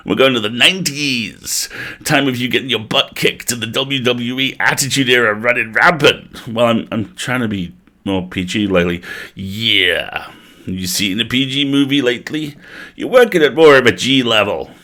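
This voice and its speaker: A man's voice: mid-range voice, normal speed, sharp tone, close to an everyday voice. A man voicing a casual, drawling male ghost in a comic story reading. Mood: laid-back.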